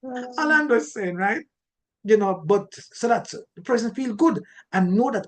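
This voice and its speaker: A man with a Jamaican accent giving an animated teaching talk on marriage, often repeating words and restarting his sentences. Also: very high-pitched, unhurried. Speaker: relationship teacher.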